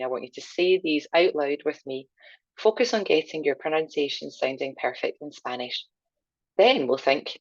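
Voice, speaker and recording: Woman, teacher, deep voice, encouraging, dry and dull recording. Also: a little mellow, dry recording. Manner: encouraging, slow and clear for learners to repeat. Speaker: language teacher. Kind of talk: video language lesson. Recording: dull, slightly lo-fi sound.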